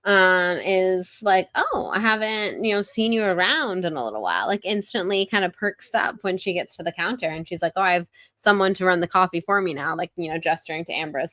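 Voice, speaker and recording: A woman's voice: lowish voice, bright, forceful tone, no room sound. A woman co-hosting a podcast, casually retelling a book's chapters in a chatty way, with lots of "like". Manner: chatty retelling, heavy use of "like". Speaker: podcast co-host. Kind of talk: casual book-discussion chat.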